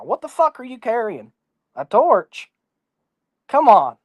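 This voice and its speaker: A man's voice: high voice, very animated, normal speed, no echo. A man talking as an interview guest in a casual chat, blunt, defiant and full of swearing.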